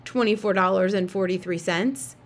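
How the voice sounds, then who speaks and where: A woman reading aloud and voicing a stubborn little boy who argues back in a shrill, indignant way. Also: moderate pace, close to an everyday voice. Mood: matter-of-fact. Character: stubborn shrieking little boy, younger brother.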